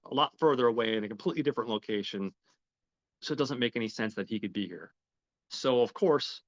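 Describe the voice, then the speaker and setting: Halting man retelling a film, low voice. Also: a bit bright, no room sound, muffled recording. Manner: retells scenes, briefly voicing characters; halting, repeats words and says um often. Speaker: podcast host. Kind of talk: casual film recap.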